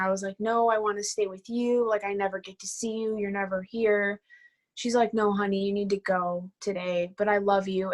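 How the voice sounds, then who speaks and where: A nineteen-year-old woman talking in a casual interview, her speech full of "like" fillers. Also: medium pitch. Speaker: guest. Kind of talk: personal storytelling interview.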